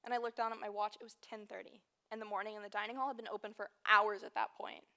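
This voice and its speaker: A woman's voice: medium pitch, level tone, fast, bright, forceful tone. A woman in her early twenties from Texas, a student giving an earnest personal storytelling speech with emphatic, repeated phrases. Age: early 20s. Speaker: student speaker.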